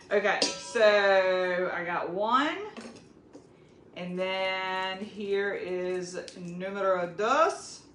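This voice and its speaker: A woman with a Southern US accent hosting a casual cooking demonstration, chatting straight to her viewers. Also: fairly low pitch. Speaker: cooking video host. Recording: echoey room with faint background noise.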